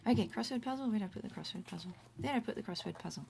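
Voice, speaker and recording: A woman's voice: medium pitch, lively intonation, racing, gravelly, a little mellow. A middle-aged woman teaching Latin from home in a casual, chatty livestream, explaining words one by one and breaking off to comment as she goes. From Australia. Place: home room. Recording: faint room noise.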